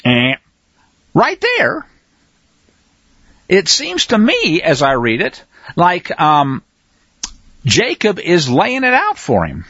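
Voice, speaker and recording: A man's voice: high voice, wildly swooping pitch, slow pace, pauses often, bright, forceful tone, breathy edge, dry recording, highs cut off. A man teaching a scripture lesson in a conversational way, often checking in with his listeners. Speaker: Bible study teacher.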